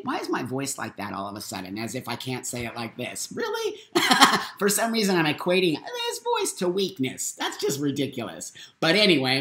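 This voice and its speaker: A boisterous middle-aged man talking straight into the camera from home, swearing freely and hammering each point home with repetition. His voice sits at an ordinary pitch and carries a roomy echo. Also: a bit bright. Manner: blunt, profane and emphatic, repeats lines for force. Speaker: host of a live morning talk stream. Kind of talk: unscripted live monologue.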